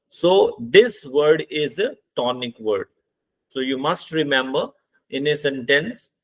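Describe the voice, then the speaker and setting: A man with an Indian English accent, giving a deliberate spoken lecture as an English teacher and listing terms one by one. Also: a little high.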